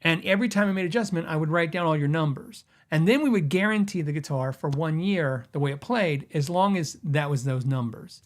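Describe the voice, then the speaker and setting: Animated middle-aged man telling stories. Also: fairly high pitch, brisk, hardly any pauses. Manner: rambling, animated anecdotes with laughs and quoted dialogue. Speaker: podcast host. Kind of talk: casual storytelling.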